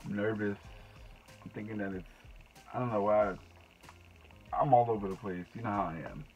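A young man unboxing makeup in a casual vlog, excitable and gushing, gasping and breaking into shouts. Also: on the low side, normal speed, dull audio. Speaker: beauty vlogger.

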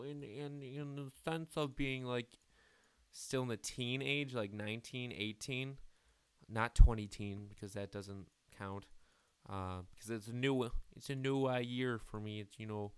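Teen male let's-player, crude self-mocking rambler, smooth voice, dry close sound. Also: mid-range voice, steady tone, unhurried, dry recording. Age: late teens. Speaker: gaming YouTuber. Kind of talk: casual gameplay commentary.

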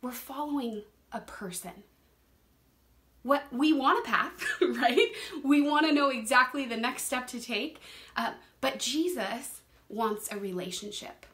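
A woman's voice: sits high, expressive, a little slow, a bit bright. A young woman teaching a Bible study in a casual, earnest way, laughing often and repeating words as she talks.

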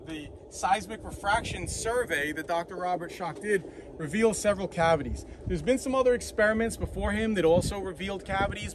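Man, Boston accent, tour guide, animated, outdoors, fairly high voice, clear traffic noise. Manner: animated, persuasive, points things out on site. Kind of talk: walking tour explanation. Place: outdoors at an ancient site.

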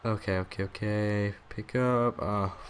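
A young man giving casual, excitable commentary over his own wrestling video game match, swearing and taunting the opponent. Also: lowish voice, unhurried, slight background noise. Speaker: gaming YouTuber.

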